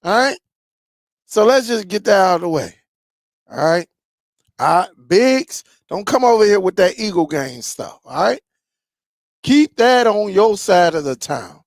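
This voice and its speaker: Grumbling high-voiced man ranting to camera. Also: measured pace, long pauses, no echo, studio quality. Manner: animated, repeats himself, grumbling football rant. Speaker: tech channel host. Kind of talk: casual ranting to viewers.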